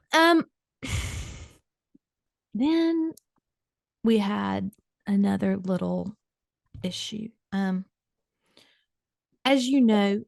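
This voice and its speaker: Middle-aged lady gossiping on her podcast, gravelly fry, dry close sound. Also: medium pitch, dry recording. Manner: gossipy, dramatic, talks to her co-host. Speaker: podcast host. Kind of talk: comedic storytelling monologue.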